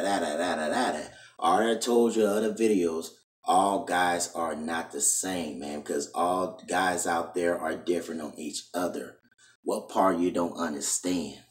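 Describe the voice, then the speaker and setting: Deep-voiced man preaching in an echoey room. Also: far from the mic. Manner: repetitive, keeps ending lines with "man"; scolding and insistent. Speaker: video preacher. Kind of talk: preachy monologue to camera.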